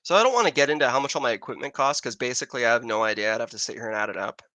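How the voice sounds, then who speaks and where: A man's voice: medium pitch, racing, sharp tone, no echo, dull audio. An American man hosting a casual astronomy livestream, rambling as he answers viewer questions. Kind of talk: casual live-stream chat. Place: outdoors in Arizona with a telescope.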